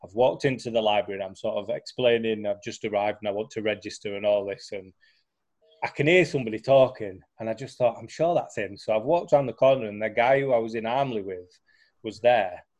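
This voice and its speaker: A man's voice: lowish voice, fairly quick, a little mellow. A young man, talking casually about his recovery with lots of restarts and fillers. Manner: chatty storyteller, many fillers and restarts. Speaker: guest sharing recovery story. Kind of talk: casual conversation.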